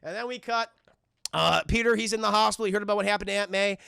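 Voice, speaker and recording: A man recapping a film for a live chat in an excitable, profane way, constantly addressing the viewers. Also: sits high, fast, creaky, smooth, dry recording, clean studio sound. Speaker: film reviewer and streamer.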